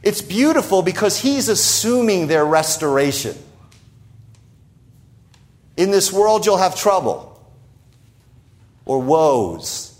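Man, pastor, conversational sermon, animated intonation, frequent rhetorical asides. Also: high voice, slow, long pauses.

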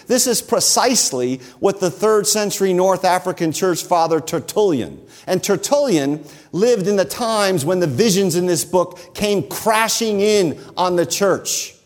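A man preaching a sermon, who slows down and stresses key phrases. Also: sits high, animated. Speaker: pastor.

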